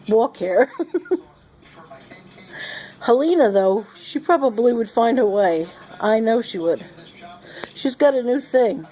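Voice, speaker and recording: Sick middle-aged woman, mellow voice, slap-happy rambling vlog chat. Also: mid-range voice, rough recording. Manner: giddy and rambling, laughing often. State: sick and short of breath. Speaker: vlogger. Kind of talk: casual rambling monologue. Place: sitting at home.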